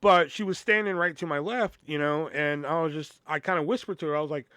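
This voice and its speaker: A man's voice: on the high side, a little fast, fairly bright tone, smooth, no echo. A man hosting a podcast, telling a story in a casual, profane, rambling way with lots of "you know". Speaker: podcast host.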